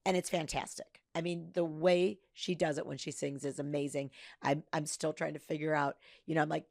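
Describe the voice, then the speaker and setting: A woman hosts a podcast conversation with easy enthusiasm, chiming in often. Her voice sits low with a gravelly edge. The sound is dry and close to the mic. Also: normal speed, no room sound. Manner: chatty, animated, enthusiastic with frequent agreement. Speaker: podcast host, parent. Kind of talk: casual conversational interview.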